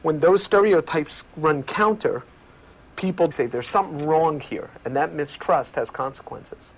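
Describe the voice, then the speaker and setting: A male researcher giving measured, lecturing explanations in an interview. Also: fairly high pitch. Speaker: communication researcher.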